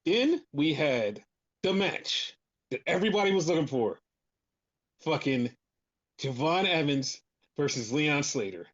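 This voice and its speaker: Brief: foul-mouthed co-host, animated rants, middle pitch, dull lo-fi mic. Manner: profane, animated ranting. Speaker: podcast co-host. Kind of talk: casual chat.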